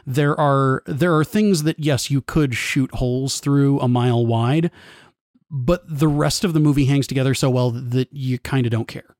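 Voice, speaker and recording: A man's voice: mid-range voice, steady tone, normal speed, a little mellow, no room sound. A man with a mid-range voice talks films in a casual discussion. He builds long winding analytical sentences, restarting as he goes. The recording is dry.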